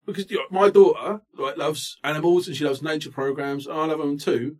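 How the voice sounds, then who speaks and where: A man in his late thirties with a slightly higher voice than most men, co-hosting a comedy chat. He rants in an animated, self-mocking way, often breaking into laughter. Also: quick pace, hardly any pauses. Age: 30s. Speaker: podcast co-host. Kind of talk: comic rant in casual chat.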